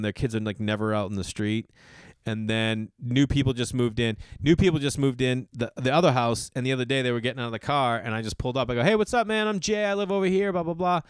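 A man, a comedian, telling a long casual story in a profane, animated way and acting out the people he quotes. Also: medium pitch, clean tone, no room sound, clean studio sound.

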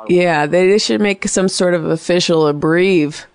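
A woman hosts a comedy call-in show. She teases her callers with crude jokes and a dry, deadpan delivery. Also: lowish voice, moderate pace. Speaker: podcast host. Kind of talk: casual comedic phone-in chat.

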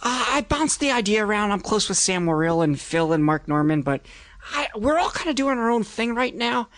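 A man, a stand-up comedian guest, talking casually in halting, rambling complaints. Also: high voice, big pitch swings, fairly bright tone. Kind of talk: casual chat.

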